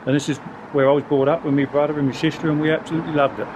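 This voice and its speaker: A man's voice: a little high, little pitch movement, very fast. Older man with a North Essex accent. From North Essex, England. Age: 60s. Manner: folksy, rambling storyteller with dry humour. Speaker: local resident being interviewed. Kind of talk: casual street chat. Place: outdoors on a town street. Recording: outdoor street with passing traffic.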